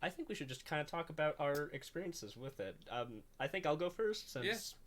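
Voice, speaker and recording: A man's voice: a little high, animated, normal speed, a bit bright. A young man hosting a casual chat, rambling with lots of fillers and the odd curse. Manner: rambling, full of "like" fillers and swearing. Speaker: host.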